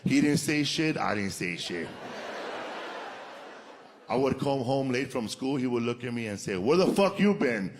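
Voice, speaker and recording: Man telling a deadpan stand-up story in a noisy recording. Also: mid-range voice, unhurried, long pauses. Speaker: comedian.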